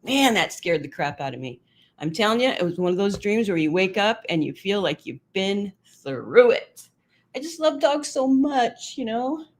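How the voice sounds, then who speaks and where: A middle-aged woman chats with viewers on a casual livestream. Her voice swings widely in pitch and she laughs readily. She is emotional and talkative, reading comments aloud. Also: normal speed. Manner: chatty and emotional, laughs often, lively pitch. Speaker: livestream host.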